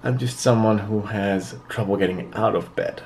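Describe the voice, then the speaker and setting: His voice is on the low side, creaky and darkish, at a moderate pace. This vlogger, a native Dutch speaker, rambles casually to camera with lots of fillers, picked up by a handheld camera mic amid light background noise.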